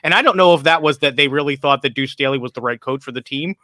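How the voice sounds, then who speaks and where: A man riffs on his team in casual sports talk. His voice is bright and forceful, pitched a little high, and it sits very dry and close on the mic. He rambles, restarts and laughs through his stories. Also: quick pace, dry recording. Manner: rambling, self-interrupting, laughs while telling stories. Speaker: podcast co-host.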